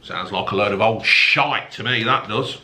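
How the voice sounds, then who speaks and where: A man's voice: fairly low pitch, normal speed, bright, forceful tone. A man casually reading out newspaper stories, breaking off into crude, mocking rants with heavy swearing. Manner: swears heavily, mocking asides. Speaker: newspaper review host.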